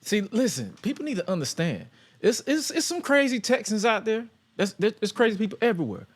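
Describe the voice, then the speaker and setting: Joking opinionated man, lively pitch. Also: fairly quick. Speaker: podcast co-host. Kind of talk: casual wrestling talk.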